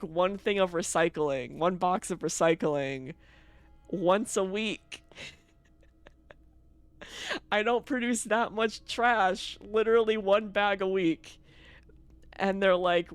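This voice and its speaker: Smooth, dry-sounding streamer ranting and laughing. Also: medium pitch, no echo. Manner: laughs often, ranting, swears freely. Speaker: game streamer. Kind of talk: casual live-stream chat. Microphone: streaming mic.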